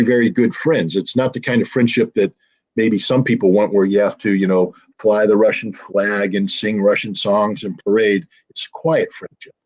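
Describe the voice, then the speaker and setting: Husky guy ranting about politics in an interview, lots of ums, gets loud. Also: on the low side. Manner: heated and emphatic, full of ums and restarts. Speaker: interview guest. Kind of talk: impassioned political commentary.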